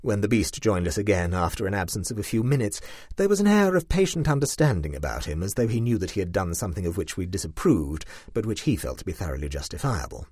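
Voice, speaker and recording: Man reading a short story, very expressive. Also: fairly low pitch, fast, husky, dry recording. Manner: dry, wry, very expressive.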